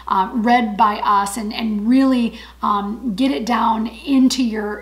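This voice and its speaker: A woman's voice: fairly high pitch, rough recording. A woman giving an encouraging Bible study talk, earnest and emphatic, repeating her key phrases.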